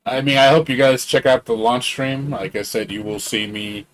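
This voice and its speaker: A man streaming games live, rambling excitably in casual chat, swearing freely and laughing often. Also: medium pitch, moderate pace. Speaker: game streamer.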